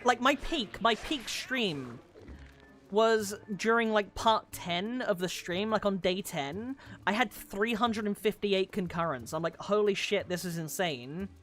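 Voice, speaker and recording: A young woman from London chatting casually while streaming a game, swearing freely and now and then breaking into loud yelling. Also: medium pitch, a little slow, soft background music. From London, England. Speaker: VTuber streamer. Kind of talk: casual gaming stream chat.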